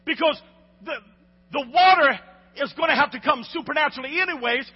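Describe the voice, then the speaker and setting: A man preaching a sermon to a congregation, calling for responses and shouting at the peaks. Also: extremely high pitch, brisk. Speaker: pastor. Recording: lo-fi recording with long hall reverb.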